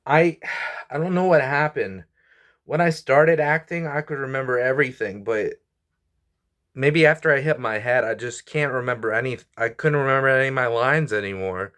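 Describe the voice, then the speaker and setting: Talking at a normal speed in a mid-range, fairly bright voice, a twenty-something YouTuber and comedian vents to his viewers on camera. He rambles, sighs often and keeps apologizing, sounding stressed, weary and frustrated.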